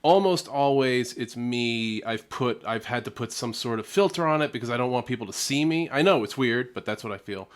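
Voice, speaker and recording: A man's voice: medium pitch, lively intonation, fairly quick, few pauses. A man from Connecticut giving chatty, self-deprecating reaction commentary. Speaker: reaction video host.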